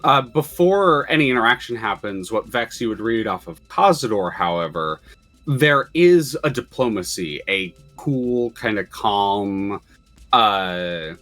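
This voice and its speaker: Low-voiced man running a tabletop game. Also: unhurried, soft background music. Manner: relaxed, hesitant with many uhs. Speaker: game master.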